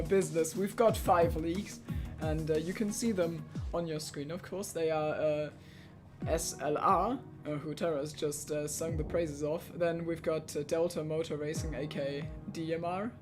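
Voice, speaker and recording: A man's voice: a little high, steady tone, unhurried, music in the background. A man hosting and commentating a live online racing tournament in a chatty, jokey way, running the show. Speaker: host commentator.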